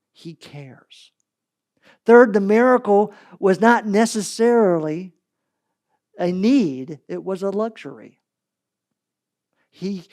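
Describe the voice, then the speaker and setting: Male preacher, sermon delivery, animated storyteller, dynamic loud-to-soft swings. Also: high-pitched. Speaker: pastor.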